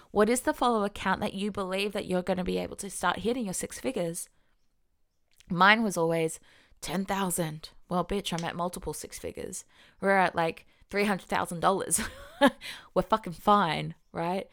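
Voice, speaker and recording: A woman talks alone into the mic for her podcast, casual and emphatic, swearing freely as she goes. Her voice sits a little low and comes across smooth and clear. Now and then she acts out inner voices in quotes. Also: a bit bright. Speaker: podcast host, business coach. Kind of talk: solo podcast monologue.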